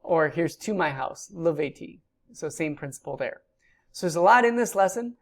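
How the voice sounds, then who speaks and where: A woman's voice: low voice, lively intonation, moderate pace. A woman giving a recorded grammar lecture, explaining patiently with frequent ums. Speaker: Hebrew teacher.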